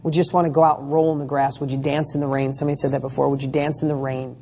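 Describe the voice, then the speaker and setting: A man's voice: mid-range voice, level tone, racing, dark tone, slight background noise. A man giving a motivational talk, firing rhetorical questions with emphatic, casual delivery and the odd swear word. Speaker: motivational speaker.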